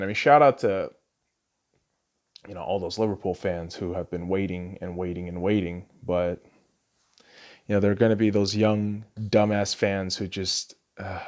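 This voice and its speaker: A man hosting a podcast, ranting casually about football, swearing constantly and laughing at his own sarcastic jabs. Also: lowish voice. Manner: rambling with restarts, gets loud when ranting. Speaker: podcast host. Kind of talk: casual profane football rant.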